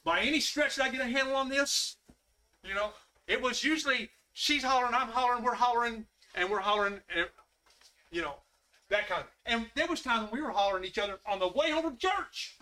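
Folksy preacher, bright high voice. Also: male voice, brisk. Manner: folksy, conversational, with Southern "y'all". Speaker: pastor. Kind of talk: casual sermon.

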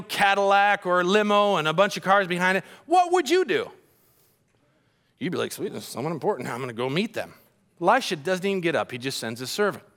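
A man's voice: high voice, pushed and bright. A man preaching a sermon, retelling a story with dramatic swings in volume. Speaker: pastor.

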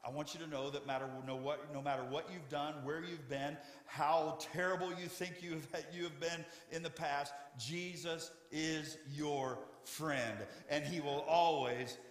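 Pastor preaching in an echoey church. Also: male voice, a little high, fairly even intonation, unhurried, hardly any pauses. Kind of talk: sermon with scripture reading. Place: church sanctuary. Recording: echoey church hall with long reverb.

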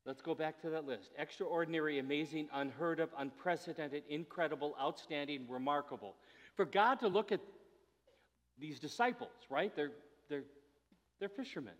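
A man's voice: a little high, moderate pace, fairly bright tone. A man giving a conversational sermon as a pastor, his delivery rising to emphatic moments. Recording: long hall reverb.

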